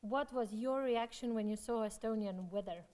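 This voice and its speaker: A woman reads students' questions aloud as a moderator, chatty and full of little fillers. Her voice sits somewhat high. A long reverb hangs on it, like in a hall. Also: moderate pace, darkish tone.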